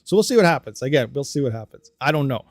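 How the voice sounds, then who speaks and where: A man hosting a casual livestream, ranting about hardware and reading out viewer comments, animated and quick to get riled up. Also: medium pitch, dry recording, studio quality. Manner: animated, ranting, talks fast then trails off quietly. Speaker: crypto mining livestream host.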